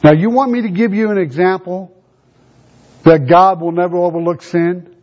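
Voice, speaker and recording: High-pitched male preacher, sermon; rhetorical questions, drawn-out verse readings; muffled lo-fi recording. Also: fairly even intonation. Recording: dull lo-fi recording.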